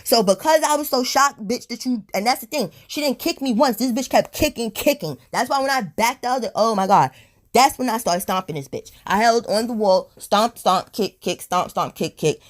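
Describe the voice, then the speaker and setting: A woman telling a storytime on her vlog in a blunt, profane, animated way, a little high and tipsy. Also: moderate pace. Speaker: storytime vlogger. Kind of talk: casual storytime monologue.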